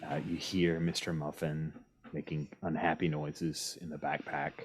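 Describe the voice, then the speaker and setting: A man's voice: a bass voice, level tone, a little slow, faint music behind. A man narrating as game master in a casual, rambling way.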